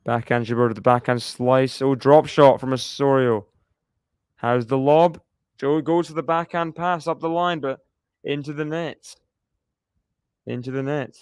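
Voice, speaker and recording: Aussie guy doing live tennis play by play, smooth clear voice, dry close sound, laughs a lot. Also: mid-range voice, fairly even intonation, a little slow, darkish tone, dry recording. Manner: chatty, laughs often, cheers on players. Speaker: tennis watchalong commentator.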